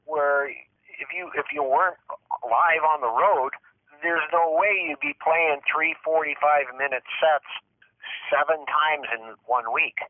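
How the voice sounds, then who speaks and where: A man, a guest musician, telling long rambling stories in an interview, animated and repeating himself. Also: on the high side, a little slow, no echo. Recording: tinny phone line, dry.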